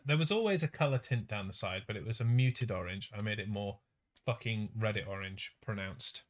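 A man co-hosting a comedy podcast, sardonic and swearing freely in deadpan grumbles. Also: fairly low pitch, brisk. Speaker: podcast co-host. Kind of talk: casual comedic chat.

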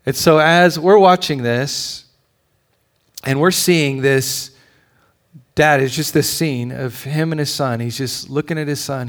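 Man preaching a sermon with lively storytelling. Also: on the high side, a little slow. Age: adult with children. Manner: animated storytelling, drops to a near whisper at tender points. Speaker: pastor.

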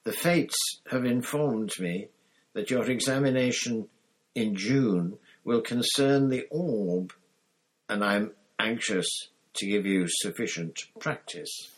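A man's voice: on the low side, pitched above the performer's own voice, poor audio. A man reading a storybook aloud and voicing a dramatic, misty-voiced older woman who teaches divination. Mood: mystical. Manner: slow, dreamy, dramatic.

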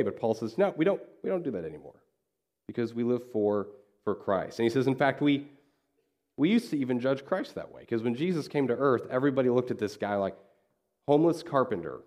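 A man's voice: medium pitch, a little mellow. A man preaching a sermon in a conversational way, telling a story and acting out the dialogue. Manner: conversational, acts out quoted dialogue. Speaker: pastor. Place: church.

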